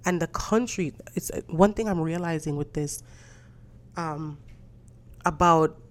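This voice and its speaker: Low-voiced blunt woman ranting. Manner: blunt, exasperated, swears freely. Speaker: podcast host. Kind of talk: casual rant.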